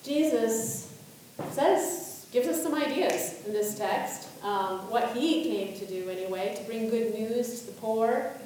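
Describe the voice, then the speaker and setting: Woman pastor, sermon, mellow slightly high voice, reflective questions, echoey hall. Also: slow pace, a little hiss or hum. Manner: asks many reflective questions, reads scripture aloud. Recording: echoey room, voice from a distance.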